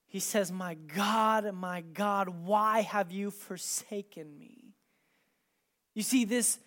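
A preacher giving a sermon and reading scripture aloud, dramatic in delivery, moving between loud, emphatic passages and hushed, quiet ones. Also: medium pitch.

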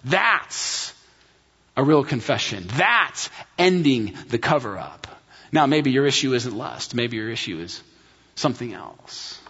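A man's voice: medium pitch, very animated, measured pace, fairly bright tone, slightly rough, in a large hall, dull audio. A man preaching a sermon as a pastor, emphatic and full of rhetorical questions.

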